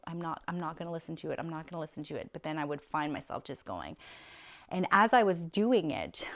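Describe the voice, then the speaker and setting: A woman's voice: lowish voice, clean tone. A middle-aged woman in a personal confessional vlog, talking candidly and reflectively with fillers and self-deprecating laughs. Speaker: vlogger sharing her story.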